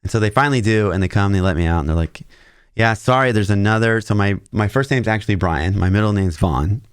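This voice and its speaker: Low-voiced man telling a wild story. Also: fast talker, smooth. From Missouri, US. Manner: animated anecdote-telling, acting out quotes with shouts. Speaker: podcast co-host. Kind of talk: casual storytelling chat.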